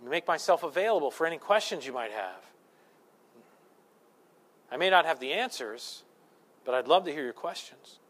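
A pastor in his thirties delivers a sermon in a fairly high-pitched voice. He tells stories with wry, self-deprecating humor, pressing hard on key lines and then dropping to near-hushed asides. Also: normal speed, long pauses. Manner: animated storytelling with self-deprecating humor, swings between loud and hushed.

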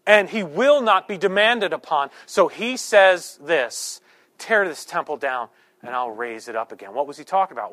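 Animated high-voiced preaching man. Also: normal speed. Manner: animated, joking, conversational preaching with sudden loud bursts. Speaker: pastor. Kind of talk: sermon. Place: church sanctuary.

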